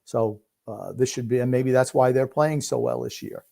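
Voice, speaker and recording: A man's voice: mid-range voice, normal speed, vocal fry, warm tone. A man co-hosting a casual sports podcast, laid-back and rambling as he watches a game. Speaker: podcast co-host.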